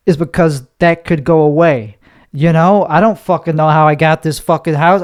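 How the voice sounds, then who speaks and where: A nervous young man hosts a solo podcast, rambling and cursing as he talks. His voice sits high for a man and comes across smooth and clear. He keeps trying to calm himself down and slow his pace. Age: young adult. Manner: anxious, rambling, heavy cursing. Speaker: podcast host.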